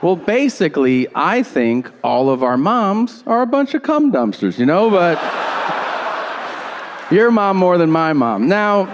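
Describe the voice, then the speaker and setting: A man doing stand-up with a slow, drawn-out, crude delivery. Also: sits high, big pitch swings. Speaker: stand-up comedian. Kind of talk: stand-up set. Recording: live club recording with clear noise.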